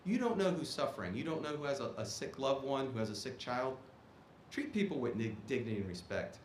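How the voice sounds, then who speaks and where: A man's voice: medium pitch, sing-song, fairly quick, slight background noise. A man in his fifties, an Army officer, giving a ceremony speech in an emphatic, plain-spoken way that keeps checking in with the audience. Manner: emphatic, punctuates points with "okay?". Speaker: guest speaker, Army officer. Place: performing arts auditorium. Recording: echoey auditorium.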